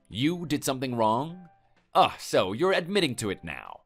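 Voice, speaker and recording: A man's voice: mid-range voice, very animated, moderate pace. Stern guy lecturing, voice swings up and down a lot, faint music under it. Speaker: story voice for the husband. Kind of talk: text message story voice.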